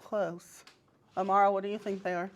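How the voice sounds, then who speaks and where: A woman's voice: medium pitch, little pitch movement, normal speed, highs cut off. A young woman teaching a pre-kindergarten class in a classroom, upbeat and encouraging, giving short firm directions to small children. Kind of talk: classroom instruction.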